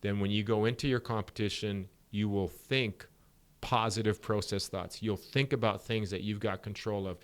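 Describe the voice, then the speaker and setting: A middle-aged man, a sport psychologist guest on a podcast interview, explaining ideas through animated stories and acting out dialogue. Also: fairly low pitch, normal speed.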